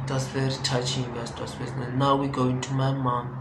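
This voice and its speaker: A man's voice: mid-range voice, flat delivery, fairly quick, hardly any pauses, loud music behind the voice. A young man telling a storytime vlog in a rambling way, repeating phrases and correcting himself. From South Africa. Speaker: vlogger. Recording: echoey room with background noise.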